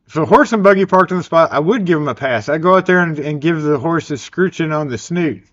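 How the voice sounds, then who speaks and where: A livestream host with a Southern US accent speaks in a fairly high, slightly bright voice. He rambles and jokes as he chats casually, and the recording has a dull, lo-fi sound.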